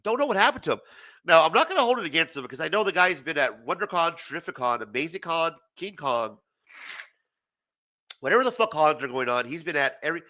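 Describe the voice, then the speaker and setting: Animated, profane male talk-show host. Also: a little high, fast talker. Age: 40s. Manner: profane, animated, laughs often. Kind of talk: casual late-night rant.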